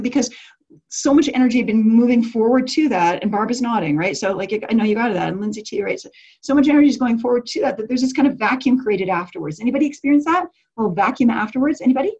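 A woman's voice: fairly high pitch, husky, highs cut off. A woman leading a retreat group on a call, talking casually and animatedly, with many restarts and fillers. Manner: animated, often acting out quotes with laughs. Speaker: retreat leader speaking to a group.

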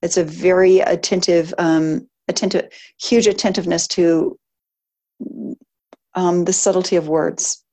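A woman's voice: lowish voice, steady tone, unhurried, warm tone. A woman business coach leading a live group session, encouraging and emphatic, walking through numbered steps with fillers and light laughs.

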